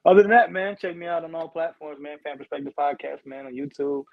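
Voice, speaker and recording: A man's voice: a little high, fast, gravelly, no room sound. A man guesting on a casual sports chat, slangy and repeating himself often. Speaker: guest podcaster. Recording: dull lo-fi dry sound.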